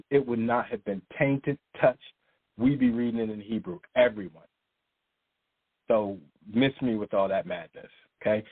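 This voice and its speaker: A man's voice: mid-range voice, breathy edge, dry recording. A man giving an emphatic, informal sermon to his online subscribers and reading scripture aloud. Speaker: online teacher of a channel. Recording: phone-like narrow audio.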